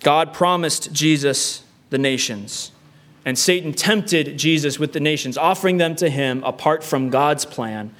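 A man's voice: a little high, measured pace, a bit bright. A man preaching a sermon earnestly, using repetition and rhetorical questions. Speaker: pastor.

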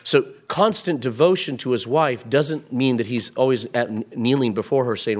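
A man preaching a sermon into a microphone, building from quiet explanation to raised, emphatic passages. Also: medium pitch, normal speed. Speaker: pastor. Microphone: microphone at a pulpit.

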